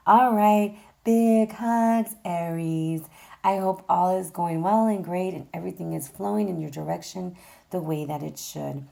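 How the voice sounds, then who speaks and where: Casting: woman tarot reader, voice gravelly and frayed from overuse, low and dark, chatty. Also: steady tone, normal speed. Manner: chatty, direct address, many fillers. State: vocally exhausted, voice going in and out. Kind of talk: casual tarot reading.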